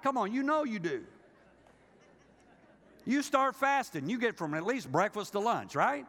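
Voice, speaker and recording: Lively older man preaching in a hall. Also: sits high, a little slow, long pauses. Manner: animated preaching, acts out quoted voices, jokes with the congregation. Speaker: pastor. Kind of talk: sermon. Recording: reverberant hall.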